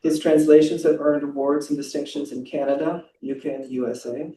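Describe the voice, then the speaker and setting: A man's voice: on the high side, fairly even intonation, fairly quick, dark tone, a little hiss or hum. A man presenting a translation prize, chatting informally and reading a passage aloud. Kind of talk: ceremony speech with a read-aloud excerpt. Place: library event hall. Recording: roomy, distant mic.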